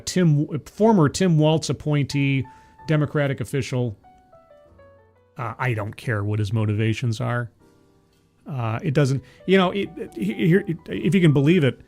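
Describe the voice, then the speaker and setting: A man hosting a political commentary livestream, sardonic and rambling, full of fillers and restarts, who reads viewer chat aloud. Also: medium pitch. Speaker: livestream host.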